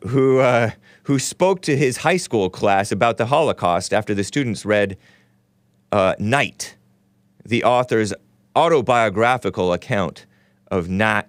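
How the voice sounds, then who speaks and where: A man's voice: lowish voice, dry recording. A man hosting a casual call-in talk show, rambling and sarcastic, reading news aloud with his own running commentary and stumbling over names.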